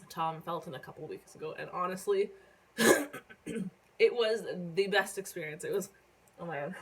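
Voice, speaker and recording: A young woman from Canada telling a casual story on her phone vlog, rambling with lots of fillers and casual swearing while she hiccups and keeps clearing her throat. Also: fairly low pitch, fairly bright tone, low-quality recording. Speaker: vlogger.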